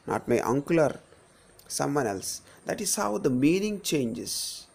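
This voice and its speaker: A middle-aged male English teacher with an Indian accent works through pronunciation drills at a very unhurried pace. His voice sits a little high for a man and carries a gravelly, creaky texture. He says each example word again and again, pushing hard on the stressed syllable. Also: expressive. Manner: repeats words slowly with exaggerated stress. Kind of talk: slide-based pronunciation lesson.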